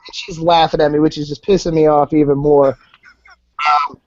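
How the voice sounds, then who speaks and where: A man telling wild stories on a podcast, animated and swearing freely. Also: a little high, moderate pace, slight background noise. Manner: animated, swears, acts out voices in anecdotes. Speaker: podcast guest. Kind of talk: casual storytelling. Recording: dull lo-fi podcast audio.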